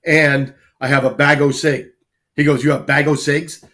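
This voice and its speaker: A man with a slightly higher voice tells a personal story in loose, rambling fashion. He keeps tossing in "right?" and "like" as he goes, in an easy podcast chat. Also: little pitch movement, moderate pace, bright, forceful tone. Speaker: co-host telling a story.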